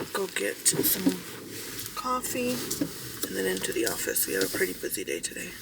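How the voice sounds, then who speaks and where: Gravelly woman vlogging from a car. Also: medium pitch, distant mic. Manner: candid, rambling, swears casually. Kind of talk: casual personal storytelling. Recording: road noise, mic held away.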